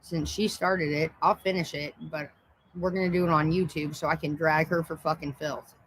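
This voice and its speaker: A woman's voice: deep voice, level tone, moderate pace, breathy edge, poor audio. A woman ranting on a casual livestream, profane, mocking and combative. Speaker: livestream host.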